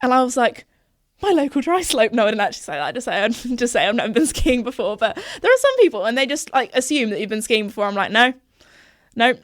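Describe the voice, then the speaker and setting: A woman's voice: a little high, sing-song, fast talker, few pauses, dry recording, clean studio sound. Chatty young posh English woman. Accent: southern English posh. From southern England. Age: 20s. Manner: chatty, many fillers and laughs, rambling. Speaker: podcast host. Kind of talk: casual rambling chat.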